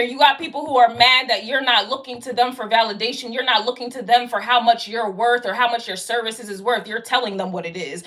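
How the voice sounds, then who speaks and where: Blunt high-voiced woman reading tarot. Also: bright, forceful tone. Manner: blunt, profane and emphatic, repeats her point; slangy and conversational, talks straight to the viewer. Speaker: tarot card reader. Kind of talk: casual tarot reading monologue.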